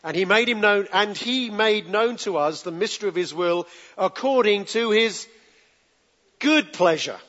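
Man, preacher, sermon, fairly high voice, conversational, coaxing the congregation, dull lo-fi sound, long hall reverb. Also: lively intonation, a little slow, a bit bright. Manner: conversational, asks the congregation to answer back.

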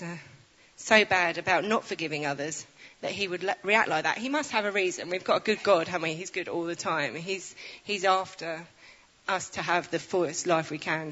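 Female preacher, low-ish voice, chatty and animated, long reverb, dull lo-fi sound. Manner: chatty, self-deprecating asides, animated storytelling. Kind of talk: informal sermon with Bible reading.

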